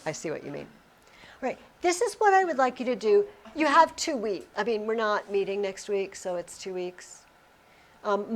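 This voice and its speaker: Woman teacher, lively pitch, classroom lesson, quizzes students. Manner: animated, questioning students.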